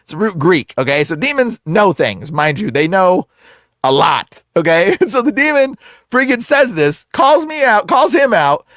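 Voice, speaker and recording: A man, an exorcist guest, telling a story in casual, excitable slang full of "like" and "bro". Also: high-pitched, measured pace, no room sound, studio quality.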